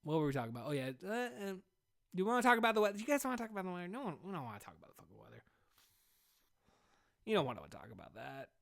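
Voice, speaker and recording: A man's voice: sits high, big pitch swings, rapid-fire, gravelly, long pauses, fairly bright tone. Rambling, foul-mouthed male podcaster. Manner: rambling, swears constantly, says "dude" a lot. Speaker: podcast host. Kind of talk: casual solo podcast monologue.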